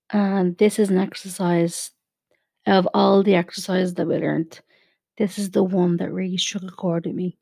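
A woman hosting a podcast, gently guiding a relaxation exercise and then talking about her own experience. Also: on the low side, gravelly. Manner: gentle, soothing, unhurried. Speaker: podcast host. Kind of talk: guided relaxation and personal podcast talk.

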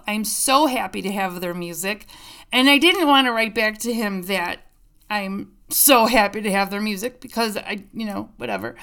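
A woman hosting a music podcast, chatting casually and gushing about the bands she plays, with quick asides. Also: on the high side, fairly bright tone. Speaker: podcast host.

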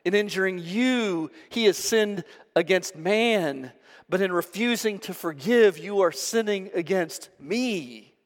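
A man's voice: high-pitched, lively intonation, takes it slowly, big-room sound, pitched above the performer's own voice. A man voicing a compassionate male savior and shepherd, speaking with fervent, emphatic promises. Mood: solemn.

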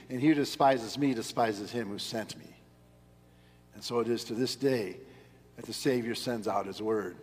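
A male pastor delivers an earnest sermon in a husky voice, leaning hard on his key words. His voice rings out with a long reverb through a church sanctuary. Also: medium pitch. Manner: earnest, emphatic preaching with rising stresses.

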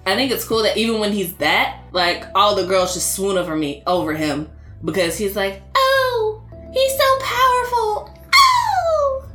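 A woman co-hosting a casual anime chat, animated and acting out scenes as she talks. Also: lowish voice, normal speed. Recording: roomy echo, faint music.

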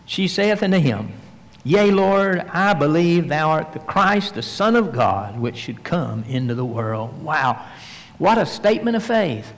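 A man preaching a verse-by-verse sermon into a microphone, reading scripture aloud and explaining it with emphasis. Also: a little high. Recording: long hall reverb.

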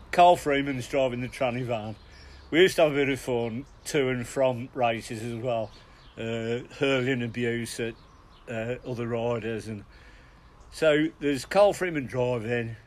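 A man's voice: mid-range voice, measured pace. Middle-aged man telling rowdy stories. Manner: animated, chuckling anecdotes with many restarts. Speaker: podcast co-host. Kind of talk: casual storytelling.

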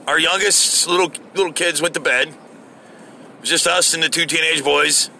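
A man's voice: a little high, moderate pace, creaky, pushed and bright, slight background noise. A middle-aged American man hosting his own podcast, ranting casually and swearing freely. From United States. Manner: profane, exasperated ranting. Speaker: podcast host. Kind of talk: casual solo rant.

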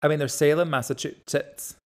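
A Scottish podcast co-host and stage actor, chatting casually, enthusiastic and quick to tease. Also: medium pitch, fairly even intonation, a little mellow. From Scotland. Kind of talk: casual chat.

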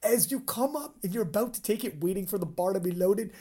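A woman hosting a casual chat, telling a story in an animated way, swearing freely and acting out her own reactions. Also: medium pitch, fast talker, husky. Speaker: podcast host and powerlifting commentator.

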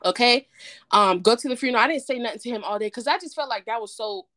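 Animated woman telling a story. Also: on the high side, fast talker, slight background noise. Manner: animated storyteller, quotes others in dialogue. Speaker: podcast co-host. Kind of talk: casual chat, storytelling.

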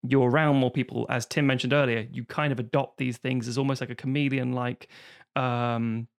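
A man's voice: medium pitch, flat delivery, normal speed, smooth. A man chatting casually on a podcast, explaining his ideas in a thoughtful way. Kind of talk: casual chat.

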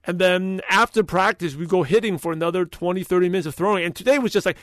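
A man hosting a solo podcast, talking in an energetic, emphatic, motivational way that rambles and often restarts sentences. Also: sits high, quick pace, few pauses, no echo, studio quality. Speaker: podcast host.

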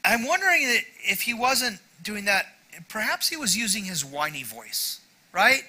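Bright, high-voiced man preaching. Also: big pitch swings, moderate pace, slightly rough, poor audio. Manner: conversational, self-deprecating, frequent "right?" asides. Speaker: pastor. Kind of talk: sermon.

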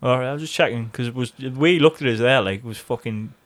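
A man's voice: mid-range voice, fast, fairly bright tone. A man with a North East English accent, co-hosting a podcast in casual banter, swearing freely and joking around. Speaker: podcast co-host.

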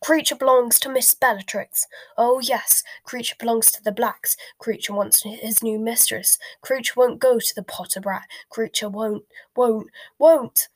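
A woman voicing a bitter, stubborn old male house elf with a croaking voice, in a whispered role-play reading of a storybook. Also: a little high, fairly even intonation, measured pace, no echo. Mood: defiant croaking.

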